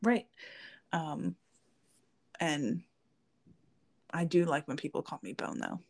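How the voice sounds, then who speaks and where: A woman's voice: low-pitched, animated, slow pace, gravelly, darkish tone. A woman co-hosting a podcast, chatting casually and rambling with lots of fillers. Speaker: podcast co-host. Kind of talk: casual chat.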